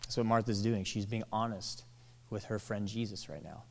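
A man preaching a sermon, animated, acting out quoted lines and dropping to soft, tender tones. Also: fairly low pitch, moderate pace, vocal fry. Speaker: pastor. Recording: long hall reverb.

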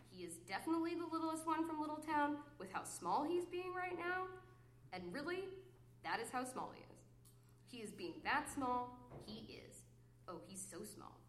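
A woman's voice: high voice, sing-song, normal speed, reverberant, slight background noise. A woman performing a live poetry reading, mock-flirty and exasperated, swinging between cooing asides and mutters. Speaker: poet reading her work. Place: reading series venue with an audience.

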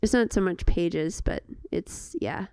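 A woman's voice: fairly low pitch, takes it slowly, darkish tone, smooth, no room sound, clean studio sound. A woman co-hosting a podcast in casual chat, rambling and restarting as she looks things up. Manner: chatty, rambling, full of fillers and restarts while looking things up. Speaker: podcast co-host.

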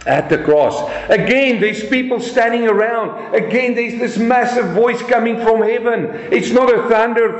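Preacher, male, high voice, rhetorical, dull echoey recording. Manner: rhetorical questions, emphatic scripture reading. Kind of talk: sermon. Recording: echoey room, dull sound.

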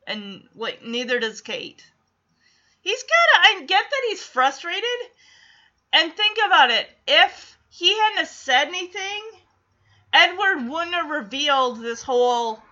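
A woman's voice: high-pitched, sing-song, a little slow, pushed and bright, lo-fi sound. A woman animatedly recapping a TV episode, chatty and often laughing. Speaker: TV recap vlogger. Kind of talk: casual recap with clips.

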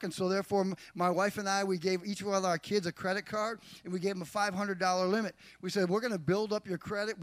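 High-voiced man preaching a sermon. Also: dry recording. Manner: emphatic preaching with rhetorical questions, acts out quotes. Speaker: pastor.

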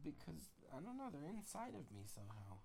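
A man making up a bedtime story at home, speaking gently and often dropping to a murmur. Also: a little high, wildly swooping pitch, a little fast, vocal fry, slight background noise. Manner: gentle, drifting into quiet murmurs. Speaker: parent telling a bedtime story.

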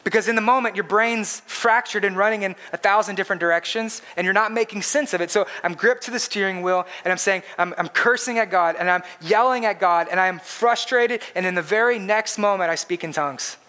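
A man's voice: high-pitched, brisk, hardly any pauses, pushed and bright. A man preaching a sermon in an earnest, emphatic way, repeating his points for stress. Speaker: pastor.

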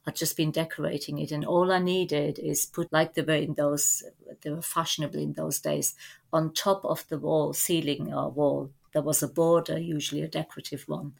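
A middle-aged woman telling family stories as a podcast guest, in a lively anecdotal way. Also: deep voice, normal speed, gravelly, husky. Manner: lively anecdotal storytelling with laughs. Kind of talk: storytelling in a podcast interview.

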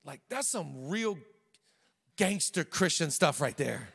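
Male pastor, high and bright, jokey sermon delivery, big reverberant church hall. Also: takes it slowly, vocal fry, breathy edge. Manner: conversational, humorous, animated.

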